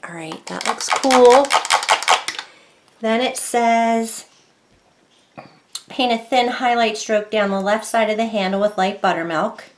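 A woman giving a casual painting tutorial at her home craft desk. She talks in a chatty, rambling way and drops to a soft mutter while she concentrates. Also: medium pitch.

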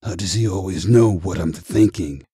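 A wary, tough male captive, played by a man reading an audiobook in close to his own voice. He speaks tersely and keeps his guard up. The tone is mellow and slightly husky, in a dry, close sound. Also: low-pitched, normal speed, no room sound. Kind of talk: audiobook character voice.

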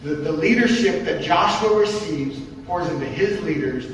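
Captured by a distant mic in a reverberant church hall, this preacher delivers an emphatic, repetitive sermon full of rhetorical questions for the congregation. His pitch is fairly high and his pace moderate, with few pauses and a little hiss or hum.

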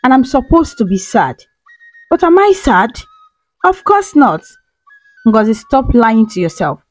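A woman gives voice to a young ghost girl with a cold, mocking edge and icy calm, her tone set fairly high and swinging widely. She speaks as a bitter, vengeful spirit in a told folktale, with soft music beneath. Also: a little slow. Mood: wry.

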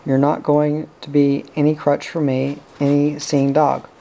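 Johnny, a bitter and proud young man who lost his sight, speaks with resignation in a deep, gravelly, dark voice. The delivery is even and restrained, as in a storybook reading, with a man voicing him. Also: a little slow. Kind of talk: audiobook character reading.

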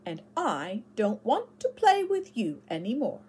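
A woman's voice: on the high side, a little slow, husky, exaggerated voice. A woman reading a story aloud, voicing a young boy who answers coolly and scornfully. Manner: lively, then cool and scornful.

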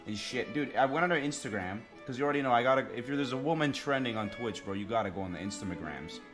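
A man's voice: medium pitch, lively intonation, fast, fairly bright tone, faint music behind. A young man streaming, giving crude, rambling reaction commentary full of swearing.

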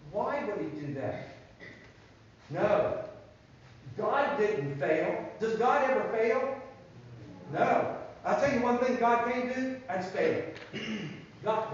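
A man's voice: high-pitched, a little hiss or hum. A man telling a Bible story to children at church, asking the listeners questions and answering them himself. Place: church room. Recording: very echoey, distant, dull room recording.

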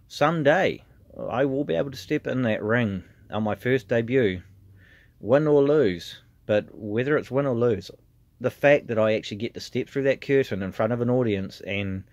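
Trainee wrestler, male, New Zealand accent, heartfelt casual vlog delivery, unhurried with fillers, low voice. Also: dry recording. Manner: earnest and heartfelt, with frequent fillers.

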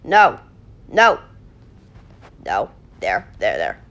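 A woman hosting a casual gameplay video, excitable, yelling and laughing as she plays. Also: extremely low pitch, very slow, lo-fi sound. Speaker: gaming video host.

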